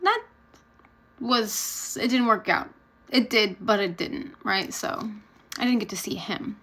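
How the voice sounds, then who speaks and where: Speaking slowly in a bright, forceful, medium-pitched voice, a woman vlogger casually tells a personal story to camera. She's candid and blunt, laughing from time to time, and the recording is low quality.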